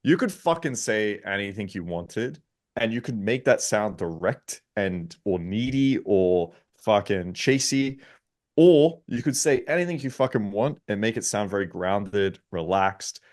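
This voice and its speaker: A man's voice: fairly low pitch, animated, a little slow, a little mellow. A man, a dating coach on a panel, explaining his approach bluntly and with lots of swearing. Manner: blunt, profane, emphatic. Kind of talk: panel discussion.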